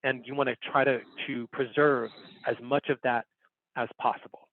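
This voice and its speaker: Talking at a moderate pace with a flat delivery and medium pitch, a male instructor leads an online class from a home setup. The audio is dry, echo-free, and narrow like a phone call. He stays relaxed and upbeat, demonstrating on screen as he walks through steps and returns to his key points.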